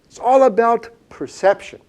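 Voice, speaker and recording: A man's voice: very high-pitched, normal speed, darkish tone. A man giving a seminar lecture, telling a story with lots of rhetorical questions. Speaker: seminar speaker.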